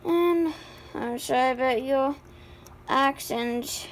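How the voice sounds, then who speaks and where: A woman improvising voices for a homemade movie, halting and stammering with many fillers and sighs. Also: sits high, slight background noise. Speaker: voice actor for a homemade life-sim movie. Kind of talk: improvised amateur voice acting.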